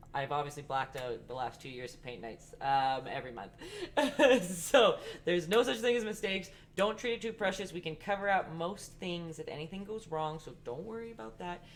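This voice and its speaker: A woman hosting a casual live-stream painting lesson, chatty and rambling, talking fast. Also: low voice, a little hiss or hum. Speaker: art instructor and live-stream host.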